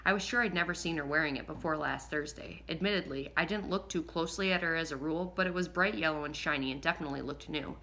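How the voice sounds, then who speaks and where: Bright-voiced woman reading an audiobook. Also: low-pitched, fast talker, hardly any pauses, a little hiss or hum. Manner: lively, expressive reading with occasional slips and rereads. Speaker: audiobook narrator. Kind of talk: first-person audiobook reading.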